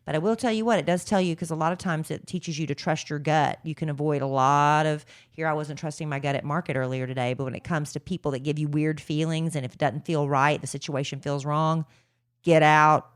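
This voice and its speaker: A woman co-hosting a podcast, talking in an animated, chatty way in casual conversation. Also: low-pitched, a little fast, clear, resonant tone. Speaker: podcast co-host. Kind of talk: casual chat.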